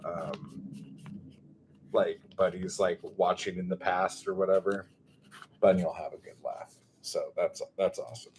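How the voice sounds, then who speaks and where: A man with a Californian accent chatting casually on a livestream, drawing his words out slowly, swearing freely and rambling as he reads chat aloud. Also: low voice, a little mellow, slight background noise. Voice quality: slow, drawn-out surfer-dude drawl.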